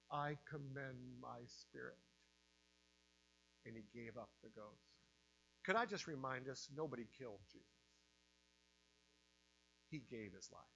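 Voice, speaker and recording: Male preacher, bright and forceful delivery, higher voice, dramatic hushes and shouts, faint mains hum. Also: dull audio. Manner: dramatic swings from hushed to loud. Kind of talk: sermon.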